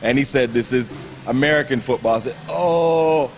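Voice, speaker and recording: A man's voice: medium pitch, quick pace, faint music behind. Grenadian man telling stories with energy. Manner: animated storyteller who acts out quoted voices and laughs often. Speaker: interview guest, bodybuilder. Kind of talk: casual storytelling interview. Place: gym.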